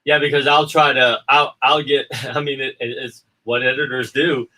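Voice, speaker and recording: Rambling man with a bright voice, a bit off-mic. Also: mid-range voice, flat delivery, moderate pace, distant mic, low-quality recording. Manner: rambling, repeats words, acts out quotes. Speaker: indie filmmaker and editor. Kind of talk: casual livestream chat.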